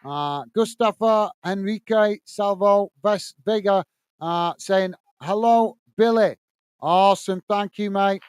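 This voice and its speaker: A British man runs a football watchalong stream in loose, rambling chat and reads viewer comments aloud. His voice sits fairly high and sounds smooth and clear. The sound is dry and close. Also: takes it slowly, dry recording. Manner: rambling, exasperated muttering about tech trouble.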